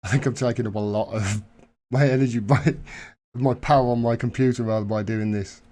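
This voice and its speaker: A man's voice: mid-range voice, steady tone, brisk, dark tone. A man hosting a casual live stream, chatting in a rambling way and correcting himself as he goes.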